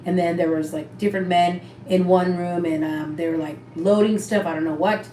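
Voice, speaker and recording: A young woman telling a story in casual chat, animated and swearing, slipping Spanish phrases into her English. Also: lowish voice, moderate pace. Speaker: co-host. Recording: echoey room, faint background hum.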